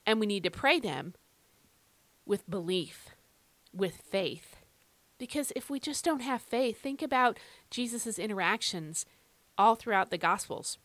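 A woman's voice: medium pitch, fairly bright tone, dry recording. A woman hosting a devotional podcast, reading scripture and teaching in an earnest, emphatic, conversational way.

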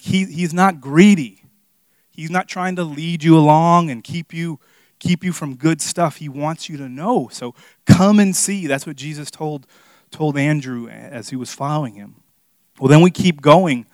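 A man's voice: on the high side, no echo. A young man preaching a sermon in a casual, earnest storytelling way, full of fillers. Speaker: pastor teaching a Bible study.

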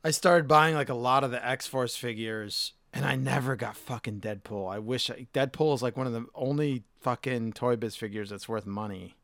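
A man's voice: mid-range voice, moderate pace, vocal fry, few pauses, fairly bright tone, dry recording, studio quality. A man co-hosting a casual podcast chat, swearing casually and losing his voice. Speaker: podcast co-host.

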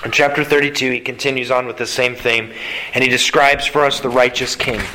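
A pastor with a mid-range voice preaches a sermon, earnest and animated, slipping in quick asides between scripture readings. Background noise can be heard.

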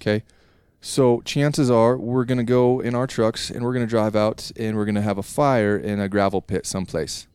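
A young man from Idaho, co-hosting a casual podcast from a home basement, ranting in animated chat. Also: lowish voice, normal speed, clear, resonant tone, no room sound, studio quality. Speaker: podcast co-host.

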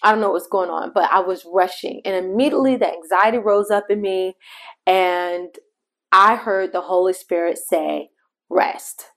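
A middle-aged woman hosting a devotional podcast, telling a personal story in a conversational way and talking straight to her listeners. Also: mid-range voice. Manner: shifts pace between slow emphasis and quick asides. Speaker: podcast host.

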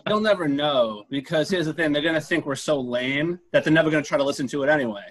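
Blunt, slightly high-voiced male co-host. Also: quick pace, a bit bright. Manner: blunt, swears casually. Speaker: podcast co-host. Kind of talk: casual chat.

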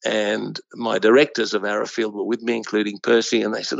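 Gravelly older man. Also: fairly low pitch, little pitch movement, a little fast, hardly any pauses, dry recording. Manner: rambling, with many restarts. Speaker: horse breeder. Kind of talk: anecdotal interview storytelling. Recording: dull lo-fi dry recording.

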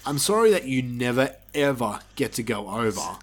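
Man, podcast co-host, lively pitch, sarcastic, swears, casual wrestling chat. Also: moderate pace. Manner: animated, sarcastic, swears, laughs often.

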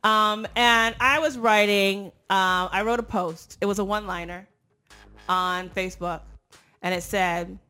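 A woman comedian telling a story in casual chat, sassy and animated, often mimicking other people. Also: mid-range voice, a little slow, clean tone, faint music behind. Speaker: comedian and podcast host.

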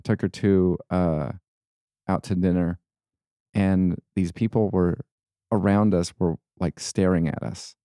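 A young man tells a rambling anecdote on a casual podcast, stumbling and restarting as he goes. His voice is low and mellow, and it sits close and dry with no room sound around it. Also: fairly even intonation, no room sound. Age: young adult. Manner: rambling, halting storyteller. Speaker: podcast co-host. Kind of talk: casual chat, storytelling.

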